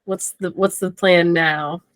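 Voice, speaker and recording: A woman's voice: on the low side, steady tone, takes it slowly, no echo. A woman co-hosting a casual movie podcast, talking at an easy pace and laughing often. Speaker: podcast co-host.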